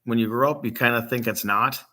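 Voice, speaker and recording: A middle-aged man from Michigan, a grieving father hosting a vlog, talks off the cuff with many pauses and ums, his voice catching as he nears tears. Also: mid-range voice, fairly even intonation, sharp tone. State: emotional, near tears. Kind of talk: unscripted casual talk to camera.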